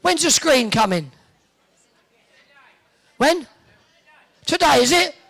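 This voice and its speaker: A man hosting a bowls event, teasing the crowd with quick cheeky one-liners over a handheld microphone in a large indoor arena. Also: very high-pitched, big pitch swings, vocal fry, fairly bright tone. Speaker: arena host entertaining the crowd.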